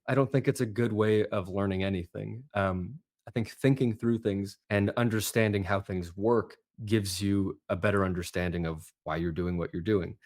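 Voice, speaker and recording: A man who coaches accents, chatting as a podcast guest and telling lively, animated stories. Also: fairly low pitch. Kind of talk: casual podcast chat.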